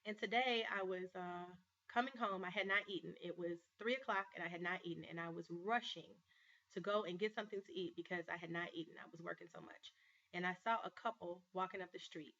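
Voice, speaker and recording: A woman with a bright, forceful voice tells a personal story in an earnest vlog monologue, pushing her words hard when she gets stirred. The audio is slightly dull and lo-fi, like a home webcam. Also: on the low side, fairly quick. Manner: earnest, storytelling, emphatic with rising bursts. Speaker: life coach and show host.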